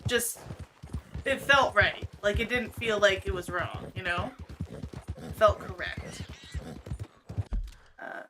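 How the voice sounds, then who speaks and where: A woman's voice: mid-range voice, sharp tone, slight background noise. A woman streaming a video game from home, chatting casually and laughing often as she thinks aloud. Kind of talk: casual gameplay commentary. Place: home, cat on her lap.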